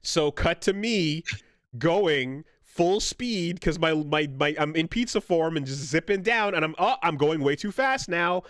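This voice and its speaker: A man co-hosting a podcast, telling a story in casual chat, animated and swearing freely. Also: a little high, measured pace, no room sound, clean studio sound. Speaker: podcast co-host.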